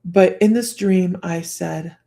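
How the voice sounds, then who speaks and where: Gravelly-voiced chatty woman psychic. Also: fairly low pitch, fairly even intonation, slow, warm tone. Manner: chatty and rambling, often breaking into laughter; restarts and trails off while telling a story. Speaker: psychic host of a live stream. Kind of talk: casual personal storytelling on a livestream.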